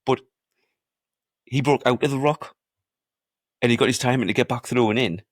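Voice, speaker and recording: A man's voice: mid-range voice, normal speed, no room sound, clean studio sound. A man co-hosting a podcast, telling movie stories with sweary enthusiasm in casual chat. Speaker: podcast co-host.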